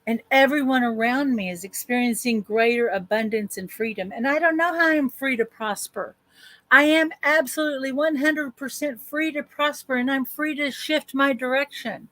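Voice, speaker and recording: Woman coach leading slow spoken affirmations. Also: high voice, a bit bright, no room sound. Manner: slow, drawn-out spoken affirmations with repeated phrases. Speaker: life coach. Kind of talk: guided affirmation session on a group call.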